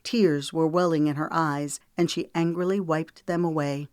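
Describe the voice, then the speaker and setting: A woman reading her own historical romance aloud with a steady, even storyteller's cadence. Her voice sits a touch low for a woman. The recording is dry and close, with no room echo. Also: normal speed, few pauses. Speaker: author narrating her novel. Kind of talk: audiobook narration.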